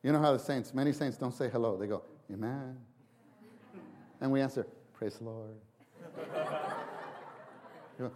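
A man delivering a sermon in an ordinary mid-range voice. He restarts and repeats words as he thinks aloud. Now and then he throws his voice high and loud to act out a quote. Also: slight background noise. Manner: animated, acts out quotes with big voice jumps. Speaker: preacher.

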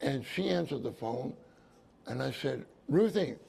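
A man's voice: medium pitch, animated, measured pace, gravelly, darkish tone, breathy edge. A man preaching a sermon at a conference, emphatic and repeating phrases for stress.

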